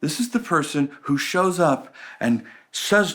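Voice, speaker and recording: Animated man teaching about relationships. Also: on the high side, unhurried, hardly any pauses. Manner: conversational, playful and animated, acts out examples. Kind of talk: recorded course lecture.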